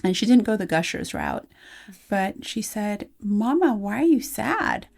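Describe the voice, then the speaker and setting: Middle-aged woman, podcast host, midwife; gravelly, lively storyteller. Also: mid-range voice, unhurried. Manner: warm storytelling, acts out voices. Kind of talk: casual conversation.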